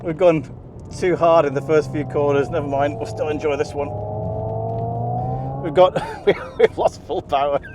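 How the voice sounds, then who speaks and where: A man presenting a car video, giving excited, chatty commentary from inside a car on a race circuit and often laughing. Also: fairly high pitch, moderate pace, pauses often. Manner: enthusiastic, chatty, breaks into laughter. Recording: loud engine and road noise. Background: car engine and track noise.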